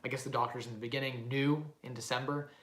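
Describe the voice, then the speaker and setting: A man's voice: medium pitch, quick pace, roomy sound, a little hiss or hum. Rambling man on a live stream. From Canada. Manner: rambling, animated, lots of "like" and "right?". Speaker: real estate investing YouTuber.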